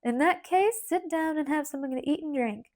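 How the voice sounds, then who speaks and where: Brisk storybook aunt with a peppery twang and mellow tone, read by a woman, teacherly and emphatic. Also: high voice, voice pushed up, close to an everyday voice. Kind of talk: audiobook character voice.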